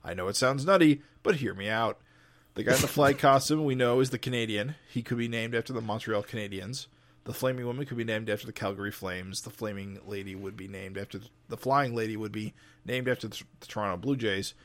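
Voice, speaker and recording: A man's voice: lowish voice, fast talker. A man co-hosting a casual podcast, talking with many hesitant fillers and reading out a listener letter. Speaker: podcast co-host.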